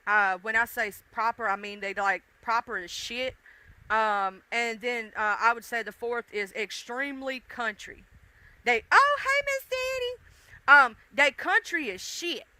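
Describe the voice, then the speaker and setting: A woman with a mixed deep-South accent, rambling casually to her livestream chat, addressing viewers directly and swearing freely. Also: fairly even intonation, normal speed, sharp tone, smooth, no room sound, poor audio. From Southern United States. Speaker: livestream host.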